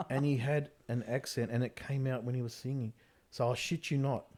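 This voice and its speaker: A man in his fifties with an Australian accent, a comedian telling animated stories with lots of swearing and "mate". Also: mid-range voice, normal speed. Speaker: comedian guest. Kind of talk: casual storytelling chat.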